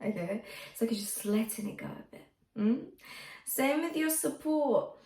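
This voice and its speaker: Higher-voiced woman vocal coach, roomy sound. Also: expressive, unhurried, dark tone. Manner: encouraging, checks in often with "okay?". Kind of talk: singing lesson with demonstrations. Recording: echoey room with faint music.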